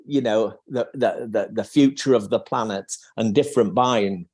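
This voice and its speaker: A man's voice: fairly low pitch, moderate pace, a little mellow. A man speaking on a live video call as an interview guest, thinking aloud with restarts and acting out sales lines.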